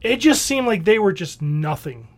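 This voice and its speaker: Measured, critical man on a podcast. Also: sits high, big pitch swings. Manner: measured, critical, thinks aloud. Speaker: podcast co-host. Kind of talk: casual chat.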